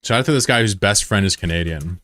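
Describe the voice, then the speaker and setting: A man's voice: on the low side, fast, a bit bright, no echo, studio quality. A young American man chatting loosely with viewers on a stream, rambling and swearing freely. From USA. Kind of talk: casual chat with viewers.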